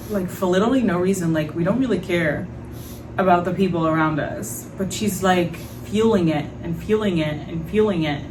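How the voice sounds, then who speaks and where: A woman hosting a podcast, telling a story in a frank, animated way, with lots of fillers and some swearing. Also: lowish voice, normal speed, far from the mic, background noise. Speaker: podcast host. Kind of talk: casual storytelling monologue.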